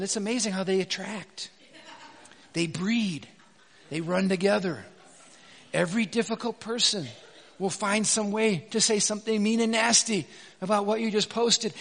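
A pastor with a high voice preaches with emphasis, acting out the people he quotes and rising at times to a shout. His voice rings with the long reverb of a large hall. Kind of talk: sermon.

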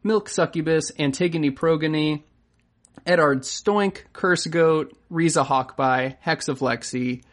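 A podcast co-host chatting casually, joking dryly and quickly reading out a long list of supporters' names. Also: mid-range voice.

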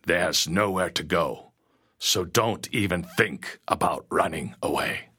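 A man's voice: low voice, slow, bright, forceful tone, husky, exaggerated voice. A man voicing a cruel, hateful middle-aged farmer who barks orders and growls threats in a storybook reading. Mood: threatening.

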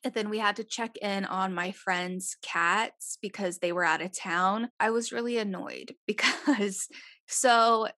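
A woman chats casually on a podcast, telling a story and acting out what people said, with plenty of swearing. Her voice is bright and forward. The sound is dry and close. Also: medium pitch, measured pace, dry recording. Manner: chatty, swears freely, acts out quotes.

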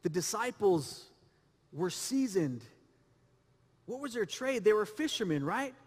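A man's voice: high-pitched, very animated, unhurried, breathy edge, big-room sound. A man preaching a sermon, asking rhetorical questions and repeating phrases as he builds his point. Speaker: pastor.

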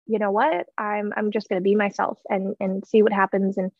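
Woman, thirties, heartfelt personal storytelling, fry in the voice, dry close sound. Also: mid-range voice, level tone, a little fast, darkish tone, dry recording, highs cut off. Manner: heartfelt, earnest, many fillers and restarts. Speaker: guest sharing her story.

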